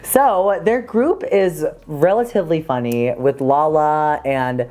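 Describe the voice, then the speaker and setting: A man's voice: a little high, slow, a little mellow. A man hosting a casual recap chat as a drag queen, gossipy and blunt, swearing freely and laughing often. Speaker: drag queen podcast host.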